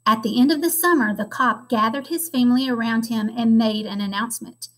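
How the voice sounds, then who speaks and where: A woman teacher reads a children's chapter book aloud in a fairly high voice. She tells the story expressively, with children as her listeners. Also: brisk, fairly bright tone. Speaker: elementary school teacher.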